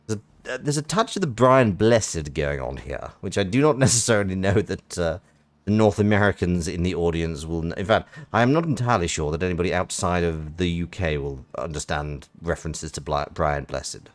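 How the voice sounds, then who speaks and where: A man's voice: sits low, expressive, fairly quick, dry recording. Wry man streaming a game. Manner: chatty, self-interrupting, wry. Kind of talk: casual live-stream commentary and reading. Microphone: close desk microphone.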